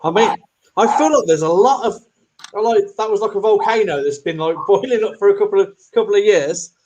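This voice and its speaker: A man's voice: sits high, expressive, brisk, darkish tone. A man, co-hosting a casual chat show and teasing his partner in a laid-back way.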